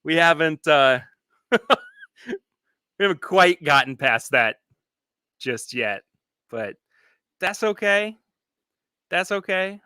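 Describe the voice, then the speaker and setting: A man chats casually as host of a live stream from his home studio, his voice bright and forward. He rambles and restarts his sentences as he goes, reading viewer comments aloud. The sound is dry, with the room barely heard. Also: a little high, lively intonation, takes it slowly, pauses often, clear, resonant tone, dry recording. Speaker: podcast host.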